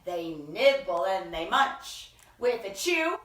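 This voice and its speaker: A woman hosting a children's story time, reading picture books aloud in an expressive sing-song way with gasps and acted voices. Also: medium pitch, slow. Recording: echoey room, from far off.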